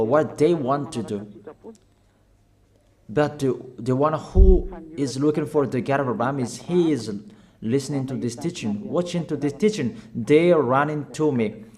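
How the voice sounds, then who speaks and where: A man's voice: medium pitch, a little slow, a little mellow. A man preaching a sermon in non-native English with grammar slips, delivering urgent, emphatic exhortations and repeating his commands.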